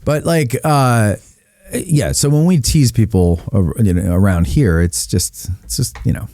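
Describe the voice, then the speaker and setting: A man hosting a casual podcast conversation, easygoing and quick to chime in with agreement. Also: lowish voice, mellow, no room sound. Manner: easygoing, affirming, frequent "yeah"s. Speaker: podcast host.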